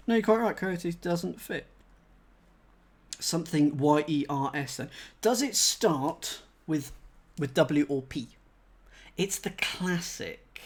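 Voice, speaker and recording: A man's voice: on the high side, husky. Chatty man solving crosswords aloud. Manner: chatty, reads chat aloud, self-mocking laughs. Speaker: crossword solver streamer. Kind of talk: thinking aloud while solving live.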